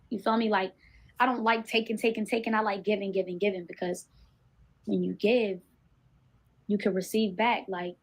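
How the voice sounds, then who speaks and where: A woman's voice: mid-range voice, husky. A woman on a livestream rambling about giving and faith. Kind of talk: livestream chat.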